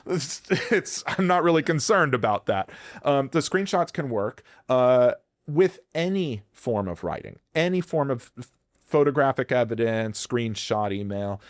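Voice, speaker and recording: A man speaking bluntly and with energy in a podcast interview, swearing freely and acting out quoted voices. His voice sits at a middle pitch. It is recorded dry and close on a studio mic. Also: measured pace, dry recording. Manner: blunt, profane, animated, acts out quoted voices. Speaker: employment lawyer guest. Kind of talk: candid advice in a podcast interview.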